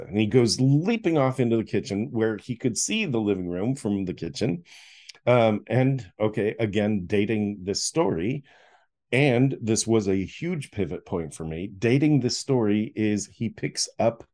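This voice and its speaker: A middle-aged man with a low, mellow voice tells a personal story as an interview guest. He acts out the scenes as he goes and often breaks into laughter. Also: expressive, measured pace.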